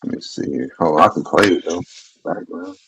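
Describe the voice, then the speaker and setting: A man's voice: very deep voice, normal speed, a bit bright, slight background noise, poor audio. A man hosting a casual streamed chat show, talking in a laid-back, profane, slangy way. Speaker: podcast host.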